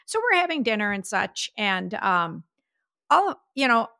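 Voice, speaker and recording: Gravelly bright-voiced woman in her fifties. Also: medium pitch, measured pace, no echo, clean studio sound. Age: 50s. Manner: chatty storyteller, quotes herself in lively voices. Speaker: podcast co-host. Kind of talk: casual chat.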